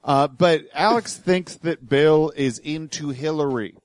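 Dry, measured man setting up clips. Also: fairly high pitch, dry recording. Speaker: podcast co-host. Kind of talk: casual chat, setting up clips.

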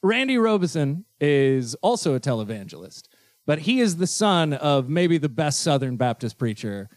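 A male podcast host in casual chat, excitable and profane, often laughing. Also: fairly high pitch, normal speed, no room sound, clean studio sound.

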